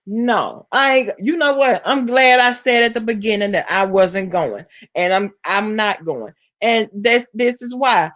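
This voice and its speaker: A woman from Alabama with a Southern accent, chatting casually to her live-stream viewers and reading their comments, sassy and quick to laugh. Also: mid-range voice, a bit bright. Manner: sassy, talks straight to chat, laughs often. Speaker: vlogger reading live chat.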